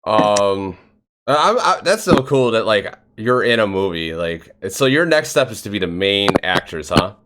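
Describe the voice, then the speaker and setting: A man's voice: a little slow, very noisy. A man hosting a live interview podcast, chatting casually and acting out stories with quoted voices. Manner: animated storytelling, acts out quotes in a higher voice. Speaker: podcast host.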